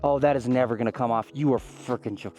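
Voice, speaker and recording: A young man vlogging outdoors while riding an e-bike up a mountain road, talking to a helmet camera in an excitable, exclamatory, chatty way. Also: medium pitch, quick pace, faint music behind.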